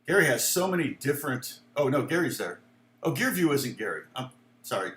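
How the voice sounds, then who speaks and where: A man's voice: medium pitch, sing-song, brisk, long pauses, fairly bright tone, reverberant, a little hiss or hum. A man teaching guitar in a casual lesson, telling stories and rambling with lots of fillers and asides.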